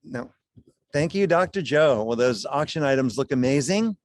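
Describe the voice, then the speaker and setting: A man's voice: mid-range voice, animated, moderate pace, dry recording. A man presenting wines at a charity gala over a video call, in a chatty, folksy way, chuckling as he talks.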